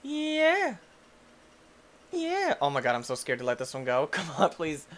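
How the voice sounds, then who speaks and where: A young man giving goofy, excitable commentary while he plays a video game, often yelping and shouting. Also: medium pitch, quick pace. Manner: goofy and excitable, shouts and yelps, silly quoted voices. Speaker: gaming YouTuber. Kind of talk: energetic gameplay commentary.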